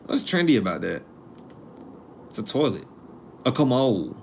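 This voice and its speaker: A man's voice: on the low side, sing-song, a little slow, gravelly, background noise. Chatty young man streaming live. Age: 20s. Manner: chatty, joking, talks to chat readers. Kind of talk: casual live-stream commentary.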